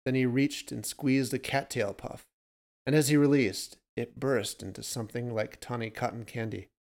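A man reads a short story aloud at a steady, measured pace. His voice sits at an ordinary middle pitch. He delivers the storytelling plainly. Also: creaky. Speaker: narrator.

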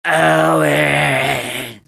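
A man's voice: fairly high pitch, steady tone, extremely slow, creaky, bright, forceful tone, voice pushed up, full character voice. A man growling as a huge slurring rat monster. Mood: menacing. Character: huge dying tumor-covered rat beast, male, malicious.

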